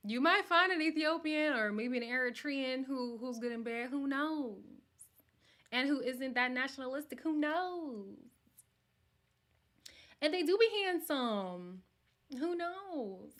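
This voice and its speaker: A woman's voice: high voice, moderate pace. Chatty woman hosting a live watch party. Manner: animated, chatty, reads out viewer comments, drops into whispered asides. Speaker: livestream host reacting to a reality show.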